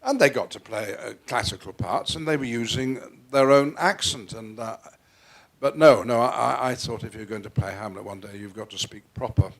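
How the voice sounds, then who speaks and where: An older man from the northwest of England, speaking Received Pronunciation with faint northern traces, talking theatrically on a theatre stage and swinging between quiet and loud. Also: fairly low pitch, moderate pace, creaky. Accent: Received Pronunciation with faint northern English traces. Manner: theatrical, playful, with frequent restarts and sudden swings in loudness. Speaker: guest actor. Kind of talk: onstage interview conversation. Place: theatre stage before an audience.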